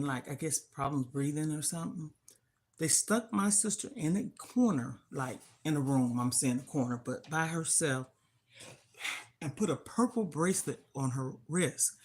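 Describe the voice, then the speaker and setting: Her voice sits low with a darkish tone as this older livestream host shares a personal story of loss. She sounds heartfelt and grieving, at moments becoming indignant.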